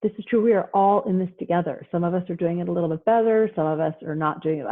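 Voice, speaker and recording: A woman psychologist giving a lively parenting talk, animated and mimicking parents and kids as she goes, heard over a video call. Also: fairly low pitch, fast talker. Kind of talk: lively lecture with acted-out quotes. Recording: tinny phone-like audio.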